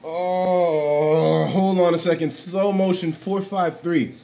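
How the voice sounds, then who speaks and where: Recorded at home on a desktop mic, a man reacts to stream donations with crude, excited chatter and sudden shouting. His voice is high-pitched and creaky and moves at a slow pace, while faint music plays in the background.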